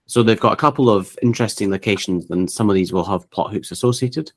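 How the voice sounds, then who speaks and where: A man's voice: fairly low pitch, quick pace. A man co-hosting a casual tabletop gaming podcast over a call, reading out long lists with frequent fillers and restarts. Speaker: podcast co-host. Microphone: remote call.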